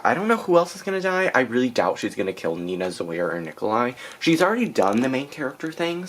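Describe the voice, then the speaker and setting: A woman's voice: very deep voice, slight background noise. A young woman chatting casually in a reading vlog, exasperated and full of fillers, recorded on a camera mic. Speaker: book vlogger.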